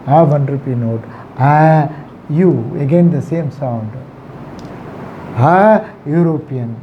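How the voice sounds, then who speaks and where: A man teaching a grammar lesson, talking slowly and repeating the key words to stress them. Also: a little high. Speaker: English teacher. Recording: slightly dull recording with faint traffic behind.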